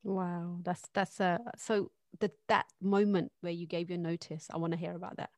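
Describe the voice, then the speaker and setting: A woman's voice: on the low side, steady tone, moderate pace, a little mellow, no room sound. A woman hosting a podcast, asking probing questions in a chatty way with frequent restarts. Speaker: podcast host. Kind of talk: casual podcast interview.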